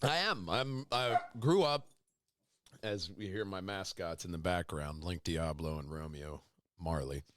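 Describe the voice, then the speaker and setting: A man's voice: sits low, measured pace, noisy background. A man from just outside Philadelphia with a Philadelphia-area accent, hosting a casual podcast interview and chatting with plenty of fillers. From Delaware County, outside Philadelphia. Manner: chatty, with many fillers like um and you know. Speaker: podcast host.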